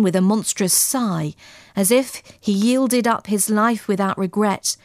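A woman reading a gothic tale as scripted narration, in a measured, dramatic, old-fashioned storytelling manner. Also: mid-range voice, darkish tone, no echo, studio quality. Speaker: audiobook narrator.

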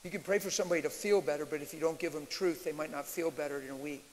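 A man preaching live in a large church, animated, sometimes shouting and mimicking screams. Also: fairly high pitch, racing. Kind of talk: sermon Q&A. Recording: reverberant hall with faint hiss.

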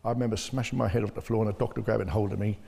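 A man's voice: lowish voice, steady tone, very fast, creaky, warm tone, breathy edge. An older man, bluntly telling his personal story as an interview guest. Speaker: bereaved father, interview guest. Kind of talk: personal testimony. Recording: long hall reverb.

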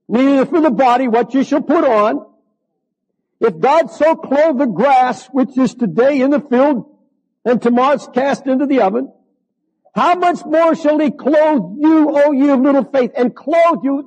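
An older male pastor delivers a sermon in a strikingly high voice. He drags out key words slowly and builds to fervent shouts at the climaxes. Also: muffled recording. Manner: slow, drawn-out emphasis.

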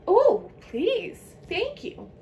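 A woman voicing a troop of small, rowdy ants in a storybook reading, shrill and excited. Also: drawn-out words, dull audio, a little hiss or hum, exaggerated voice. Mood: polite.

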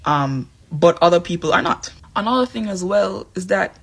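A woman from Jamaica, giving her opinion in an animated, emphatic way. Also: fairly low pitch, slightly rough. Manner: animated, emphatic, quick asides. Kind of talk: opinion commentary.

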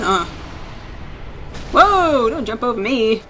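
Woman gamer host, bright voice, lively pitch, excitable swearing commentary. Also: slow pace, soft background music. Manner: excitable, swearing, laughing often. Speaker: gaming let's-play host. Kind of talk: casual game commentary.

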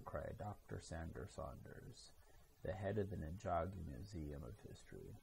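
A man reading a children's story aloud in a steady, measured way. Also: deep voice, vocal fry, a little hiss or hum, low-quality recording. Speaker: storybook reader. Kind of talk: read-aloud narration.

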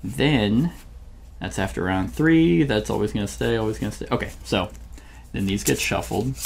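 A man's voice: on the low side, moderate pace, creaky, noisy background. A man hosting a solo board game playthrough, thinking aloud and often searching for the right word mid-sentence. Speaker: channel host playing a board game solo.

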